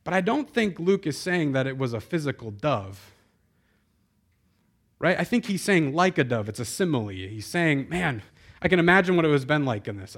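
A pastor preaching to a congregation in a casual, chatty way. His voice sits a little high for a man, and he keeps turning to the listeners with questions. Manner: conversational, addresses the congregation directly. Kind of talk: sermon. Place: church before a live congregation.

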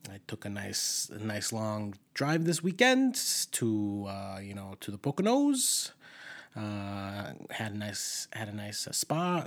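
A man with a Scranton, Pennsylvania coal-region accent co-hosting an improvised comedy podcast, rambling and halting with lots of fillers. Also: lowish voice. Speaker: podcast co-host.

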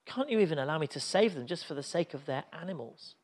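A man preaching speaks as a patient, compassionate divine father figure, reasoning gently and earnestly. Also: fairly high pitch, lively intonation, fast talker. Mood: coaxing.

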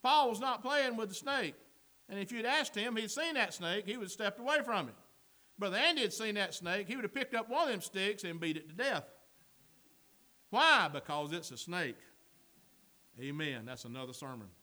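A man delivers a sermon in a very high voice. His tone is bright and forceful, swelling into shouted lines before easing into folksy, joking asides. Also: lively intonation, normal speed. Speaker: pastor.

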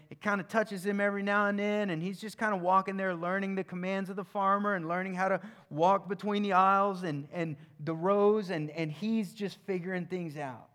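A man preaching a sermon in a conversational way, moving between emphatic points and quiet, hushed passages. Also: high-pitched.

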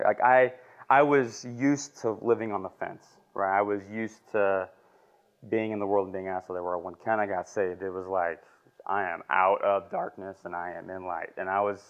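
A man in his twenties giving a halting, emotional personal testimony as a lay preacher in a church classroom. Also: on the low side. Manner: halting, emotional, filler-heavy. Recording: muffled lo-fi recording.

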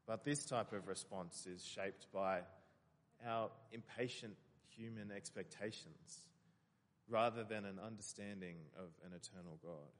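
A man delivers an earnest sermon, walking his listeners through scripture passages. His voice sits on the low side. The sound carries a long reverb, as in a large hall. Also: a little slow. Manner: earnest, explanatory preaching with scripture readings. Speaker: preacher.

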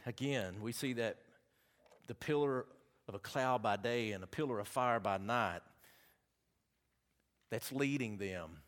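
A man's voice: medium pitch, unhurried, long pauses, a bit bright. A man with a Southern accent preaching a sermon, chatty and folksy, with asides between the scripture readings.

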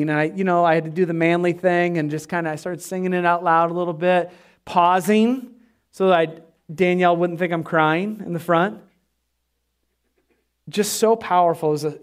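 A man preaching a sermon as pastor, passionate and emphatic, his voice swelling and dropping. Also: high voice.

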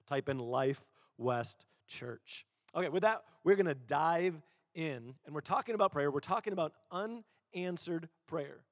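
A man's voice: on the high side, studio quality. A male pastor preaching a sermon in a church auditorium. He talks in a conversational, self-deprecating way and often repeats words as he restarts. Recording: long hall reverb.

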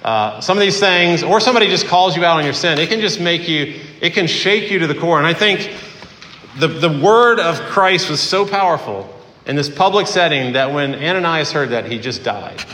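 A man preaching a sermon as pastor in a conversational way, with fillers and pauses. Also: a little high, expressive, pushed and bright, a little hiss or hum. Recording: echoey hall.

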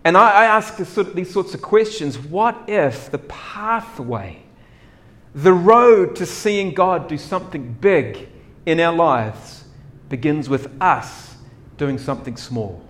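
Animated man preaching a sermon. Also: a little high, takes it slowly. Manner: animated, acts out characters' doubts with dramatic swings in loudness. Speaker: pastor.

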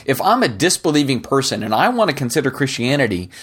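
A man's voice: mid-range voice, big pitch swings, fast, a bit bright, slightly rough. A middle-aged man hosting a podcast, giving an earnest, conversational Christian teaching that often ends points with "right?". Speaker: podcast host. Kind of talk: casual Christian teaching monologue.

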